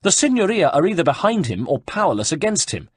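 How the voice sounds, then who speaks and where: A bitter young nobleman in exile, raised and indignant, spitting out his grievances, as a male reader puts him on. The voice is husky and recorded close and dry. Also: fairly high pitch, sing-song, fast, dry recording, pitched above the performer's own voice. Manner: indignant, ranting.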